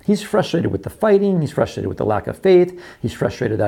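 A man preaching a sermon, repeating his phrases and acting out quoted voices, dropping to quiet lows. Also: very animated, fairly quick, vocal fry, hardly any pauses, slightly rough. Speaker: pastor.

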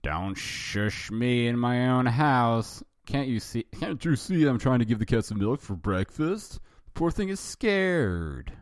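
A man's voice: mid-range voice, big pitch swings, a little slow, no echo, studio quality, voice pushed up. A man voicing a small, mischievous hairy alien in a comedic reading. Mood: cheeky. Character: three-foot hairy alien, mischievous, cheeky.

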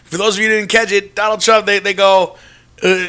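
A man's voice: sits high, flat delivery, brisk, sharp tone, clear, resonant tone. A man hosting a casual podcast, rambling sarcastically with laughing asides. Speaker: podcast host.

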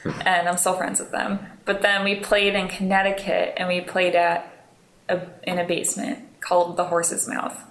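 A woman's voice: on the low side, monotone, normal speed, fairly bright tone. A young woman telling stories in a casual interview, rambling and self-deprecating, laughing often. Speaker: interview guest, musician. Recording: roomy, echoey room.

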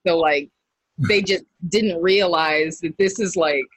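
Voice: mid-range voice, slow pace, a bit bright, no echo, low-quality recording. A guest from Texas telling stories in casual chat, easygoing, with lots of "like".

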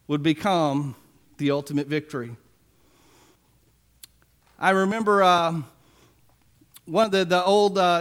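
Man in his forties, pastor, sermon, casual storyteller, light joking, high voice. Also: fairly bright tone. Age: 40s. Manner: conversational storytelling with self-deprecating humor.

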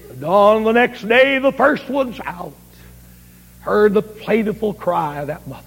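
A man's voice: high voice, animated, moderate pace, gravelly, fairly bright tone. A man preaching at a camp meeting, telling a story in a dramatic, pleading way. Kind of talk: impassioned sermon storytelling. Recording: reverberant 1970s camp meeting recording.

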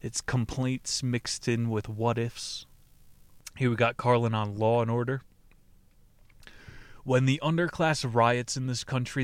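A man hosting a podcast, reading a book aloud in a deadpan way and breaking off into laughing, profane asides. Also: medium pitch, no echo. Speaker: podcast host.

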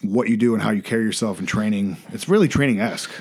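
Blunt fast-talking man, husky and low. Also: darkish tone. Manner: blunt, profane, quick-talking. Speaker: podcast co-host, personal trainer. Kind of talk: casual podcast chat.

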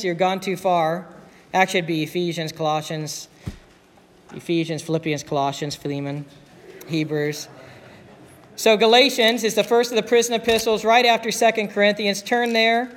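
A man's voice: high-pitched, fairly bright tone. A male pastor preaching a sermon in a folksy, storytelling way, acting out the voices in his anecdotes. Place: church sanctuary. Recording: long church reverb.

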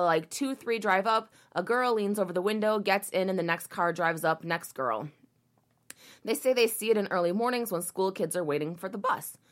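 In a casual commentary video, a woman reads a news article aloud, quoting it and then launching into sarcastic, indignant rants full of swearing. Her voice is mid-range and a bit bright.

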